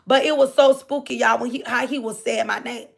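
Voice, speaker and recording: A woman's voice: on the high side, fairly even intonation, fairly quick, gravelly. A grown woman telling a personal story to her viewers in a rambling way, repeating herself and talking right to them. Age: adult. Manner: rambling, repeats phrases, often addresses listeners directly. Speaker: livestreamer reading viewer comments.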